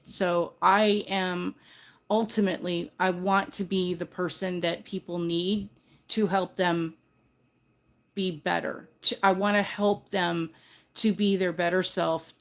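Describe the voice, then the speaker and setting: Her voice is fairly low with vocal fry: an older woman hosting an informal livestream. She rambles earnestly and warmly, frequently breaking off to correct herself and start sentences over.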